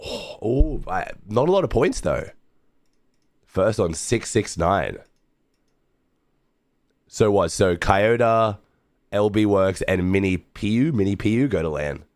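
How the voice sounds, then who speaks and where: Hoarse deep-voiced Australian streamer. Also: male voice, expressive, takes it slowly, pauses often, darkish tone, no room sound. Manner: laid-back, swears casually, talks to chat. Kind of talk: casual livestream watch-along commentary.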